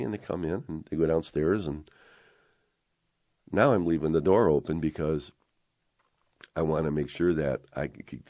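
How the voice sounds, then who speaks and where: Older man, very low gravelly voice, rambling storyteller, acts out his own thoughts, close dry mic. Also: darkish tone, no room sound. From Chicago area. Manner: rambling, full of fillers and acted-out inner thoughts. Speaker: interviewee telling his life story. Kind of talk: casual storytelling.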